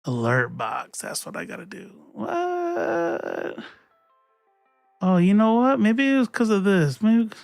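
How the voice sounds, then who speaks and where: A chatty young man hosting a livestream, his voice a touch high and the sound dry and close. He laughs often and swears casually as he talks to viewers, with faint music underneath. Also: animated, moderate pace, creaky, hardly any pauses, dry recording. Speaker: livestream host.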